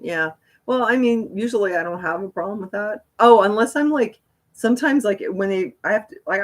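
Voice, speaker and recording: A woman hosting a casual livestream, chatting in a rambling way with frequent laughs. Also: on the low side. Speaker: livestream host.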